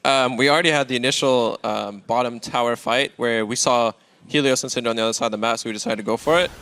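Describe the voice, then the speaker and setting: A man's voice: medium pitch, fast talker, a bit bright, no echo. A man answering post-match interview questions as a pro gamer, recounting plays in a candid, upbeat way.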